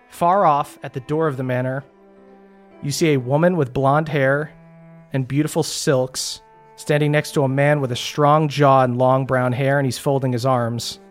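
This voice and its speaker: A game master narrating a tabletop game in a casual manner, laughing and swearing freely. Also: mid-range voice.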